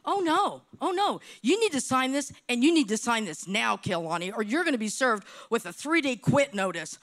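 A woman's voice: a little high, big pitch swings, normal speed, a bit bright, voice pushed down. A woman voicing a brusque, pushy female realtor who curtly demands a signature. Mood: threatening. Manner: curt and demanding.

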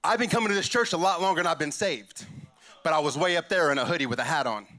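A man giving an impassioned testimony at church, emphatic and repeating lines as he builds to shouts. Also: on the high side, fast, slight background noise.

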